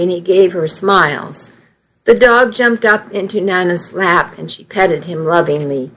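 A woman narrating a first-person story in an unhurried, plain way. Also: medium pitch, rough recording.

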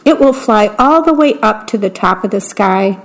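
A woman's voice: medium pitch, expressive, normal speed, natural voice. Frog, a woman reading a patient friendly frog. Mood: encouraging. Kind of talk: bedtime story reading for radio.

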